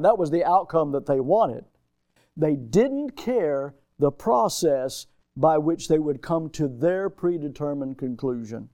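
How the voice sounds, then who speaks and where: A man preaching a sermon as pastor, emphatic, swinging between loud and soft, and calling out to his congregation. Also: on the high side, expressive, a little slow, dry recording. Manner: calls out to the congregation.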